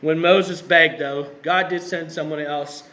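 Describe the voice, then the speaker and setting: A man's voice: fairly high pitch, fairly even intonation, unhurried, bright, forceful tone. A man preaching a sermon in a conversational way, tossing in rhetorical questions. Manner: conversational, with rhetorical asides and self-corrections.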